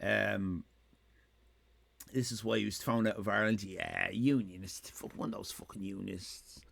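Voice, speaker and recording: A man's voice: fairly low pitch, steady tone, moderate pace, gravelly, a bit bright, husky. Joking, crude male stream host. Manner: jokey, crude, rambling and self-mocking. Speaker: livestream host. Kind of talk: casual live-stream chat, comic riffing.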